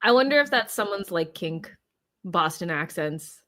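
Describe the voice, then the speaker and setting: A woman's voice: fairly low pitch, expressive, normal speed, a bit bright. A woman co-hosting a podcast, joining the chat in a playful, giggly way. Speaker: podcast co-host. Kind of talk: casual chat.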